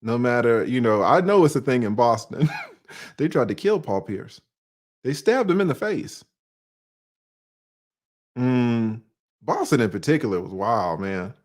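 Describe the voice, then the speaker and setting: A man in his forties from Atlanta with a Southern accent talks straight to his viewers in a loose, conversational commentary, using slang. His medium-pitched voice swings widely, his pace is measured with long pauses, and he keeps asking himself questions before answering them. He's an online commentator.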